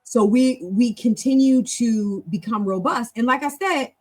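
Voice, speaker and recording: A woman's voice: a little high, a little slow, few pauses, darkish tone, slight background noise, low-quality recording. A woman hosting a language club, teaching in a chatty, encouraging, long-winded way on a casual live stream.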